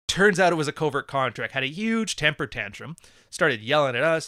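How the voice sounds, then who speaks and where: Man, podcast host, casual livestream talk, blunt and profane, bright voice, dry sound. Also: a little high, very animated, a little fast, no room sound. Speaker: podcast host reading live chat.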